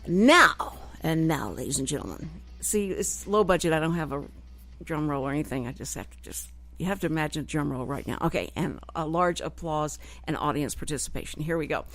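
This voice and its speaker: A woman's voice: deep voice, fairly quick. A woman with a Texas accent hosting a radio talk show, chatting in a rambling, self-deprecating way. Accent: Texan. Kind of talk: casual chat. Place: radio studio.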